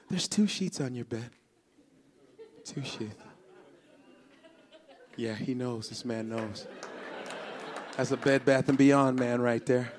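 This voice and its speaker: A man's voice: medium pitch, lively intonation, slow, pauses often, a faint crowd. A male stand-up comedian performing an exasperated, profane routine and talking straight to the audience. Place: comedy club stage.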